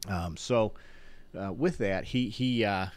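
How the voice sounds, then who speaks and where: A man, a former mayor, telling a story as a guest on a talk show, with lively energy and frequent restarts. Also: lowish voice, slow. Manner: animated, restarts and repeats words.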